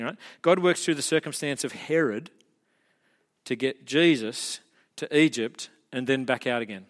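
A man preaching a sermon as a pastor, telling the story in an animated way and building to emphatic peaks. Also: mid-range voice, big-room sound.

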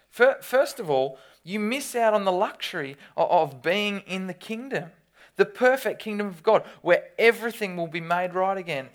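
A preacher giving a sermon, reading scripture aloud and breaking into lively, dramatic storytelling with loud bursts. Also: medium pitch, normal speed. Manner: reads scripture aloud between explanations.

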